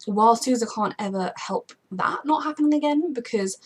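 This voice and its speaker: A young woman hosting a casual TV reaction chat, gushing and rambling with many fillers and quick laughs. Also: fairly high pitch, slightly rough. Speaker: TV reaction channel host.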